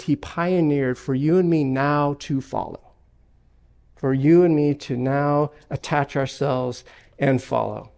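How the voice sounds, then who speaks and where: Male pastor preaching in church; fry in the voice, emphatic delivery with repetition. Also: on the high side, a little mellow. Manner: emphatic preaching with repeated phrases and personal stories. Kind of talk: sermon. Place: church sanctuary.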